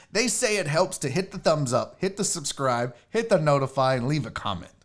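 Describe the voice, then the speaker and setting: A man's voice: high-pitched, fairly bright tone. A man hosting his own sports show, talking casually in a rambling, jokey way and swearing freely. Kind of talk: casual livestream talk.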